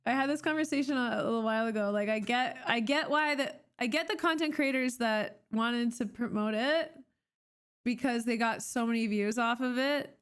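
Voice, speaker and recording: A woman's voice: on the high side, moderate pace, clear, resonant tone. Rambling Canadian woman streamer. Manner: rambling, with many fillers and restarts. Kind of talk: casual live-stream chat.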